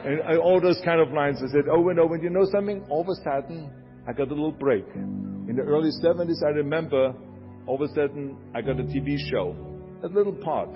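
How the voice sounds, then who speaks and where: A man's voice: fairly high pitch, fairly quick. An older man from Austria with an Austrian German accent gives an emphatic motivational speech and repeats lines for effect. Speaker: motivational speaker. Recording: dull lo-fi speech over music. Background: music bed.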